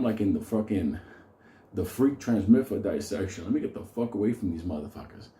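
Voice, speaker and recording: A middle-aged man spins a long, rambling tale, swearing constantly and laughing through it. His voice is mellow and dark. The sound bounces around a roomy, echoey space. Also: medium pitch. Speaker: storyteller host. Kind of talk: profane comedic storytelling.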